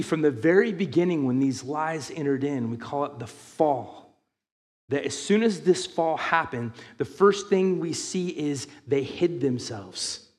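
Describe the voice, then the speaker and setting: A man preaching a sermon, reading scripture aloud and building to loud, emphatic passages. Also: a little high, long reverb tail. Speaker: pastor.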